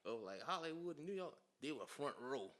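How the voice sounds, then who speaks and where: A man from South Carolina, a podcast guest telling animated stories, laughing often and acting out quotes. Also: on the high side, fairly quick. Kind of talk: casual storytelling interview.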